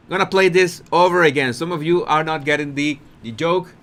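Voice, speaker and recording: A man's voice: a little high, brisk, hardly any pauses, a bit bright. A man hosting a commentary channel, breaking down a talk-show clip in an emphatic way, repeating words and laughing at his own points.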